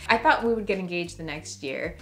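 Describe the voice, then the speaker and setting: A woman's voice: fairly low pitch, brisk. A young woman telling a couple's story in casual chat with her husband, laughing often. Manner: laughs often, chatty and animated.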